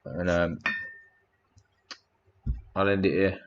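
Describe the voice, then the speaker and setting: Low-voiced guy rambling on his stream, swearing a bit, thanking chat, muffled lo-fi sound. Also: little pitch movement, takes it slowly, slight background noise. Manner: rambling, crude, reads out chat comments. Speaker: livestream host. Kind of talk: casual livestream chat.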